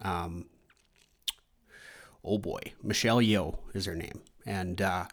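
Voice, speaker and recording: A man with a slightly low voice hosts his own podcast. He talks casually and loosely, wandering between thoughts and filling the gaps with ums and restarts. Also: steady tone, slow pace. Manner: rambling, loose, many fillers and restarts. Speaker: movie podcast host. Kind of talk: casual solo chat.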